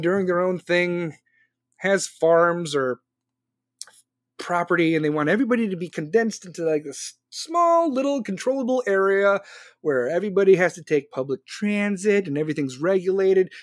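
A high-pitched man hosts a casual live stream as a podcast host, reading viewer comments aloud and answering them on his phone. He's sarcastic and argumentative, talking back to chat. The recording is studio quality with no echo.

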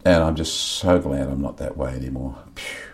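A man's voice: rumbling low, normal speed, creaky. A middle-aged man talking candidly about faith and his inner life, earnest and confessional, often repeating words as he searches for them. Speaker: podcast guest.

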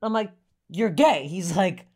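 A woman in her thirties from Canada, a comedian guest in casual podcast chat, telling crude stories with lively acted-out quotes. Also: mid-range voice, measured pace. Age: 30s.

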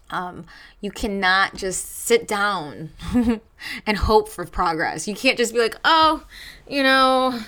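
A woman's voice: mid-range voice, fairly bright tone. A young adult woman hosting a self-help podcast, speaking emphatically and repeating phrases for stress. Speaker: podcast host. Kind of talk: motivational self-help talk.

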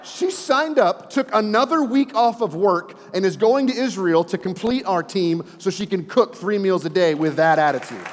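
A man's voice: high voice, moderate pace, few pauses, slight background noise. A man in his forties, a pastor preaching a sermon, telling stories with chatty asides to the congregation. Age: 40s. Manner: animated storyteller, folksy asides to the congregation. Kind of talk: sermon with storytelling. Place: church sanctuary. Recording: reverberant church hall.

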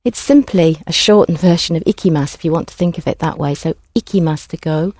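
Patient woman language teacher, mellow voice. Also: sits low, fast talker, no echo, studio quality. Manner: clear, patient prompting of students. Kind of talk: classroom instruction.

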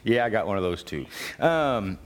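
A man's voice: fairly low pitch, big pitch swings, moderate pace. A man hosting a casual radio talk show, chatting loosely with many fillers and frequent laughs. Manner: laughs often, rambling with fillers. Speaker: podcast host.

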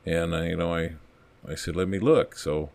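A man's voice: deep voice, fairly even intonation, normal speed, creaky, a little mellow. A man telling a rambling, folksy story from his police days on a podcast, acting out the quotes as he goes. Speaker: podcast guest, former police officer. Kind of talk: casual storytelling.

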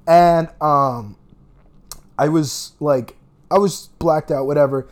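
A young man casually telling a long, rambling, profane story about a rough night. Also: a little high, slow. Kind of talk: casual chat.

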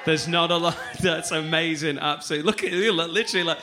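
A man in his thirties, a stand-up comedian doing loud, cheeky, swearing crowd work on a comedy club stage. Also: a little high, fast, noisy background. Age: 30s.

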